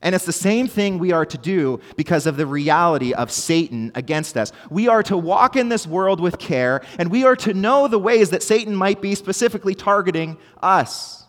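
A fairly high-voiced man preaches earnestly to his congregation, driving points home with repetition. His words ring out with a long hall reverb. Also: lively intonation, moderate pace, hardly any pauses. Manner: earnest, emphatic preaching with repeated phrases. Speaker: pastor. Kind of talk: sermon.

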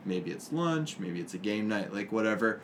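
Casting: low-pitched male co-host, easygoing reflective chat, faint room noise. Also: big pitch swings, normal speed. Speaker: podcast co-host, teacher. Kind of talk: casual chat.

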